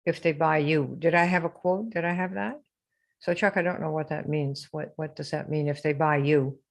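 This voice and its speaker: A woman's voice: low voice, fairly even intonation, moderate pace, vocal fry. A woman running a live online sales coaching session, peppering listeners with questions and mocking typical sales posts. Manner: rhetorical, keeps asking the audience questions; mocking sing-song when quoting sales posts.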